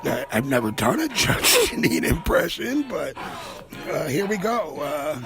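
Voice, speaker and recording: A man's voice: a little high, big pitch swings, unhurried, creaky, music in the background. A man hosting a comedy show, rambling through a profane, offhand monologue. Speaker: host.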